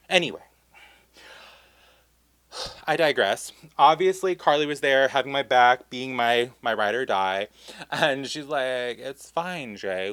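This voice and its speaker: A campy young man telling a casual storytime vlog, animated and full of asides and laughs. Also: mid-range voice, no room sound. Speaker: vlogger.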